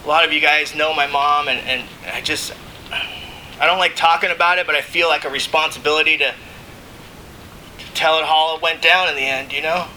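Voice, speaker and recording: Bright-voiced man sharing his recovery story. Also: a little high, fairly even intonation, fairly quick, long pauses, a little hiss or hum, low-quality recording. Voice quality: emotional, laughs between lines. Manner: conversational storytelling, frequent "you know what I mean". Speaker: recovering alcoholic speaker. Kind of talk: AA share, speaking to a meeting.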